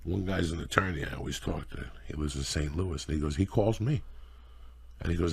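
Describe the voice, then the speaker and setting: Gravelly, husky man ranting profanely. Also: a bass voice, fairly quick. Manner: loud, profane, preachy rants. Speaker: podcast host. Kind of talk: profane casual chat.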